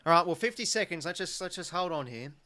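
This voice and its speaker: A higher-pitched Australian man calls a football match live as a fan watching along. He swears freely and gets worked up over every play, with loose, chatty commentary. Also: animated, fast, sharp tone, no echo. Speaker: host.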